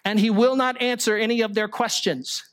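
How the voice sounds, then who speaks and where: A man's voice: high-pitched, fairly even intonation, moderate pace, a bit bright. A male pastor delivering a sermon, explaining scripture through rhetorical questions and the occasional small joke.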